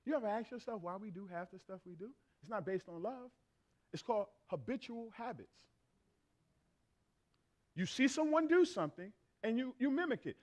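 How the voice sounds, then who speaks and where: This preacher's sermon is conversational, emphatic, and full of repeated phrases, with everyday exchanges acted out for the church. His animated voice sits high, and he keeps a moderate pace.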